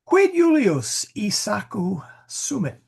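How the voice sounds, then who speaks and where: A man's voice: sits high, huge pitch swings, slow, creaky, a little mellow, slightly rough. A man teaching a Latin class, explaining grammar as he thinks aloud, with many fillers and restarts.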